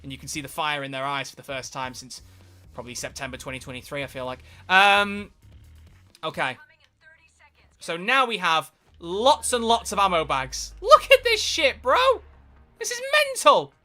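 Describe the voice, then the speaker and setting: A man giving live, excitable gameplay commentary as a streamer, swearing and bursting into shouts. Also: fairly high pitch, normal speed, soft background music. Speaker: game streamer.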